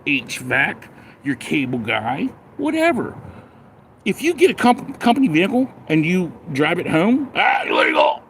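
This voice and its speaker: A live streamer with a voice on the high side rants bluntly and sarcastically, then rambles while reading viewer comments on a casual stream. There is slight background noise.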